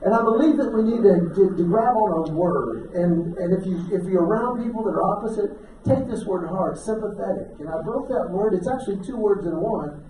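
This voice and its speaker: A man does stand-up in a banquet hall, spinning folksy stories and tossing questions to the crowd. His voice sits high for a man. It comes from off the mic and rings around a very echoey room. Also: warm tone, slight background noise. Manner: folksy storytelling with quick audience asides. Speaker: stand-up comedian. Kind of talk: stand-up comedy set. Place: banquet hall with a live audience. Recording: roomy distant audience recording. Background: audience laughter.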